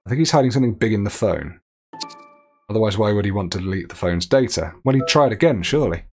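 A man's voice: fairly low pitch, lively intonation, fast talker. A man streaming a game live, chatting, reading viewer messages aloud and laughing often.

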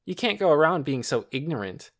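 A man's voice: on the high side, sing-song, brisk, fairly bright tone, pitched above the performer's own voice. A man voicing a smug, self-important boy who talks in a precise, teacherly way in an audiobook. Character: smug know-it-all boy, superior. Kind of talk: audiobook character reading.

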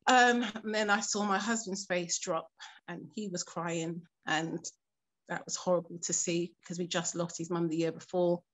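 Earnest woman, halting testimony. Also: fairly low pitch, fairly even intonation, a bit bright. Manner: earnest, halting storytelling with frequent pauses and fillers; keeps her composure while recounting something painful. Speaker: interviewee. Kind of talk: personal testimony in a documentary interview.

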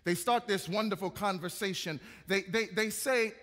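A man with a high, ringing voice delivers a sermon in a rising, rhythmic preaching cadence. His words carry with a long reverb through a large church hall. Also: normal speed, hardly any pauses, pushed and bright.

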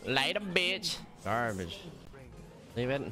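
Male game streamer, loud profane trash talker, lively swooping delivery. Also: medium pitch, slow pace. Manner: hyped, profane trash talk; loud taunting catchphrases. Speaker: gaming streamer. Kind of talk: live gameplay commentary. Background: music.

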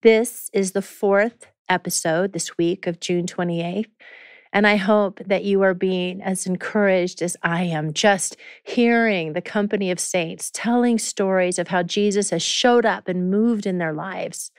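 A woman podcast host in a studio reading scripture in a measured, clear way, then opening the show. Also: medium pitch, steady tone, no room sound. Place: recording studio. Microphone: studio microphone.

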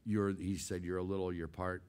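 Older man, lowish voice, animated storyteller who laughs a lot, guest on an interview show. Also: a little fast, clean tone. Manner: animated, laughs often, re-enacts scenes. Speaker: guest voice actor. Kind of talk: casual anecdotal storytelling.

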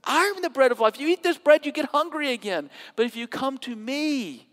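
A preacher voicing an urgent, high-pitched teacher. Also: male voice, lively intonation, fairly quick, a bit bright. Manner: emphatic, urgent repetition. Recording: long hall reverb.

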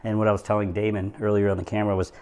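A man working as a real estate agent, talking straight to his viewers in a vlog, excited and emotional. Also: on the low side, rapid-fire. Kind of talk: vlog narration to camera. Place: condo overlooking the ocean.

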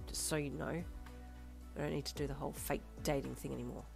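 A woman voicing a brash, hot-tempered teenage boy hero in a fan fiction audio reading, talking gruffly and bluntly. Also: a bass voice, fairly even intonation, quick pace, over music, exaggerated voice.

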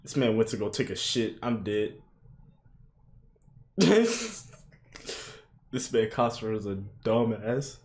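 A young man reacting to an anime episode in casual commentary, swearing a lot, shouting "yo" and "bro" and bursting into high laughing yelps. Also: slow pace, pauses often. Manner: excitable, swearing, frequent "yo" and "bro" exclamations.

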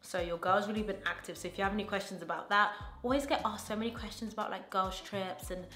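A woman's voice: medium pitch, steady tone, fast, fairly bright tone. Gushing, chatty woman vlogger in a roomy space. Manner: gushing, chatty, enthusiastic slang. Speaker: beauty vlogger. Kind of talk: casual get-ready-with-me chat. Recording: roomy echo with faint music.

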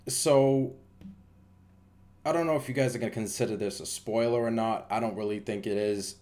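A man's voice: lowish voice, normal speed, darkish tone. A man giving a casual, rambling movie review, with lots of fillers and restarts.

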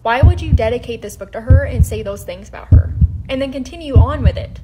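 A woman's voice: on the high side, animated, brisk, dark tone, lo-fi sound, a little hiss or hum. A woman giving heated, firm commentary to camera, stressing each point. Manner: indignant, firm, emphatic.

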